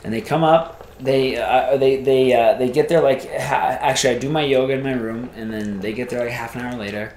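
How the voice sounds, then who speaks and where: A man telling a casual story as a podcast guest, rambling and animated, acting out the voices of people he quotes. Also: mid-range voice, a little fast, few pauses, echoey room, a little hiss or hum.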